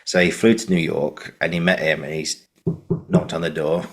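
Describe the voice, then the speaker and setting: Deep-voiced man telling a rambling story. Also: little pitch movement, normal speed, fairly bright tone. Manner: rambling with frequent fillers. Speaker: podcast host. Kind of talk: casual anecdotal storytelling.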